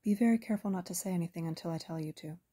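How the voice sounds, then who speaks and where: Woman reader as a cold female hunter: soft husky alto, quick, light, friendly menace, audiobook. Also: lowish voice. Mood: calmly menacing. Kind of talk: audiobook character reading.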